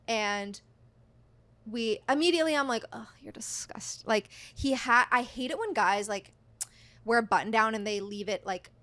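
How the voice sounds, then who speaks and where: Chatty higher-voiced woman in her thirties. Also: normal speed, dry recording. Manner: chatty, heavy use of "like", animated retelling. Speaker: podcast guest. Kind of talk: casual storytelling chat.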